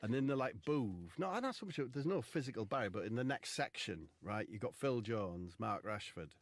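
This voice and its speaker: A man's voice: lowish voice, normal speed, no echo. A man telling a comic story as a podcast co-host. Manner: animated, lots of voices.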